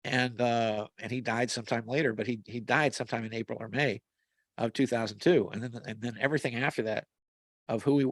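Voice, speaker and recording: Chatting over a video call mic with no room sound, a man with a steady, mid-range voice talks a little fast. He rambles through lengthy, casual stories, often restarting and using filler words.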